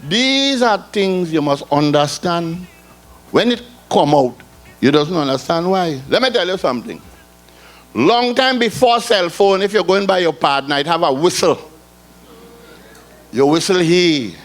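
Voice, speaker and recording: Older Trinidadian man, folksy stand-up. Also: fairly high pitch. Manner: rambling, folksy storytelling in island dialect. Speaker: calypso comedian. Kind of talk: live stand-up storytelling. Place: ballroom stage before a live audience.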